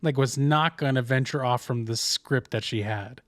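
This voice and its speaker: A man's voice: mid-range voice, normal speed, dry recording. Young guy on a podcast, rambling story, lots of restarts, dry close sound. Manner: rambling storyteller, many restarts and quoted asides. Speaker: podcast co-host. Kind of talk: casual chat.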